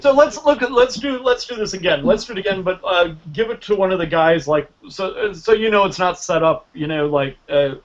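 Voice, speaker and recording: Man, high-pitched, animated storyteller, acts out dialogue, dull lo-fi sound. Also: fairly quick, hardly any pauses. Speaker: guest mentalist teaching magic. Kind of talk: casual storytelling lesson.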